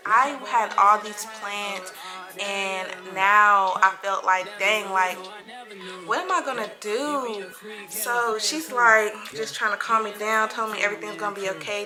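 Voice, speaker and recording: A young woman vlogger telling a personal story in a casual, animated way, acting out what people said. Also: medium pitch, low-quality recording. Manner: animated, dramatic retelling that acts out quoted voices.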